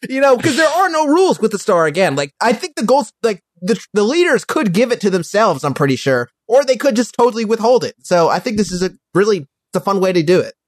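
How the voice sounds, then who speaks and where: Man, podcast co-host, casual chat, loose hedging talk, lively pitch, dry recording. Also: fast, hardly any pauses, no echo.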